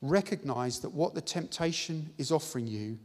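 Husky-voiced man preaching in an echoing hall. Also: fairly high pitch, expressive, normal speed, a little mellow. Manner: earnest, emphatic, exhorting. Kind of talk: sermon. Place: church hall. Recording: live-stream audio with long hall reverb.

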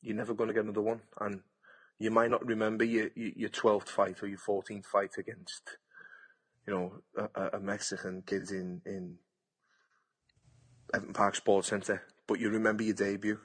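This is a man with a fairly low, husky voice, an English boxer who also works as a TV pundit. In a casual interview he comes across blunt and chatty, frequently saying the same words twice.

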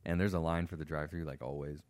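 A man with a very deep voice hosts a casual podcast, talking fast in a relaxed, laid-back way and swearing easily. The sound is dry and close to the mic. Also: dry recording. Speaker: podcast host. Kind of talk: casual chat.

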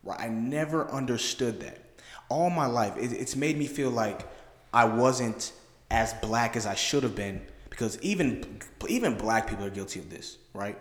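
A man's voice: medium pitch, expressive, moderate pace. A man hosting a podcast, speaking reflectively and emphatically in casual discussion and often checking in with "right?". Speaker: podcast host. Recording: roomy with long reverb.

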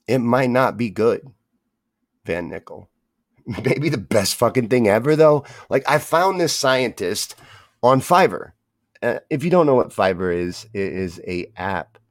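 A man's voice: lowish voice, no echo, studio quality. A man hosting a podcast on his own, talking in a rambling, profane, grumbling way. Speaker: podcast host. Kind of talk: casual solo rant.

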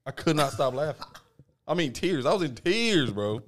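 A man, co-hosting a casual podcast chat and telling a story with loud bursts of laughter. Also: fairly high pitch, very animated, moderate pace. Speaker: podcast co-host.

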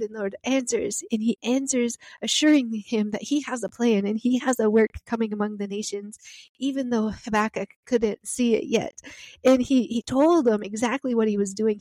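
A woman's voice: fairly high pitch, dark tone, no room sound. Earnest woman teaching from the Bible. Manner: earnest, emphatic, piling up phrases. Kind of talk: Bible reading and devotional teaching.

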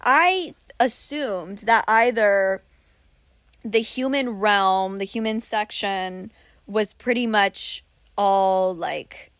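A young woman co-hosting a casual book discussion podcast, animated and quick to laugh, acting out reactions as she talks. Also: medium pitch, no room sound. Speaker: podcast co-host.

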